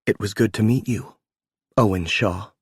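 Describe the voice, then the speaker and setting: A man reading an audiobook, voicing a rugged romantic lead with a deep, gentle and reassuring voice. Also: moderate pace, husky, dry recording, clean studio sound. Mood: tender. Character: tall rugged man, tender and teasing.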